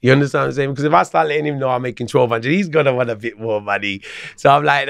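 A man from London, a podcast guest, telling a story in an animated, slangy way with plenty of swearing. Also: mid-range voice, rapid-fire, vocal fry, clear, resonant tone, no room sound, clean studio sound. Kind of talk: casual storytelling.

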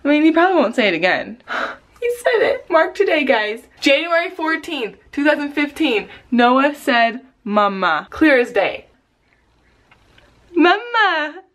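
A young mom talking straight to her camera in a bright, high voice that jumps up into squeals whenever she gets excited. Her speech is casual and gushing, with plenty of "like" and "you guys", and it feels warm and unscripted, the sound of an everyday family vlog. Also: moderate pace, few pauses. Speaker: vlogger, mother.

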